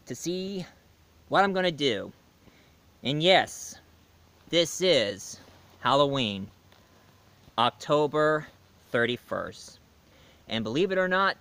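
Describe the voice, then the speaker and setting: A man's voice: on the high side, bright, forceful tone. A man hosting a casual storytelling video, chatty and rambling, often correcting himself. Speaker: storyteller host.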